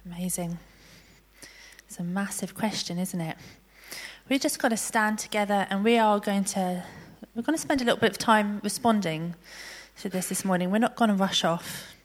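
A woman gently leading a congregation in prayer and response. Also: medium pitch, normal speed. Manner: gentle, inviting. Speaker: worship leader.

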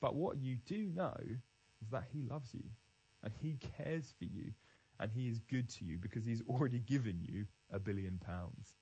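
A man's voice: medium pitch, expressive, normal speed, mellow, poor audio. A man giving an earnest, emphatic devotional Bible talk, restarting phrases as he goes. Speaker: Christian speaker.

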